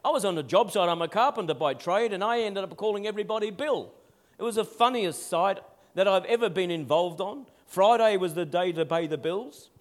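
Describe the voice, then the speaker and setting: A pastor preaching a sermon, calling out for amens and dropping to a soft, intimate voice at times. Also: male voice, high-pitched, a little fast. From Netherlands. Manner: call-and-response preaching, asks for amens.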